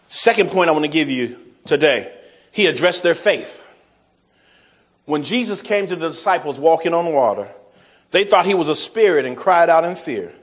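A man preaching a sermon, folksy, calling the congregation y'all, swinging from soft asides to shouted emphasis. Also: a little high, lively intonation, normal speed, husky. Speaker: pastor.

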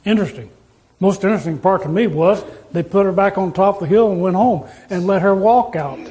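A man's voice: high-pitched, a little fast, mellow, a little hiss or hum, poor audio. A man preaching a sermon as pastor, in an easygoing, conversational way, asking the congregation rhetorical questions and telling folksy stories.

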